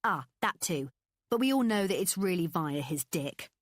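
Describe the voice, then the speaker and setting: A woman's voice: fairly low pitch, animated, moderate pace, dry recording, clean studio sound. A woman voicing a bold, blunt young woman friend who teases in a sing-song way. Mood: matter-of-fact.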